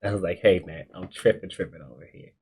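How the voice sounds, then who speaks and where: Casting: young male podcast host, deep low voice, laid-back slangy storyteller who laughs easily. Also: fairly even intonation, fast talker, a little mellow, slight background noise. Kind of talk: casual storytelling.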